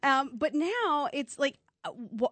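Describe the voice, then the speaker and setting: A woman's voice: high-pitched, very animated, a little slow, fairly bright tone, dry recording. A woman sitting in as a guest on a radio show, bantering with the host in a playful, sarcastic way and laughing often. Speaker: guest author and book reviewer. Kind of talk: casual studio banter. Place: radio studio.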